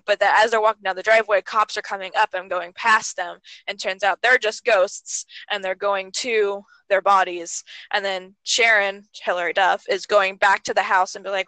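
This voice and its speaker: A young woman talks loosely and animatedly, swearing as she goes and now and then leaping into high squeaky voices for the characters. Her voice is bright and edgy, recorded dry and close. It sounds like an easygoing chat between friends. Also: steady tone, moderate pace, hardly any pauses, no room sound, poor audio. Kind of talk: casual chat.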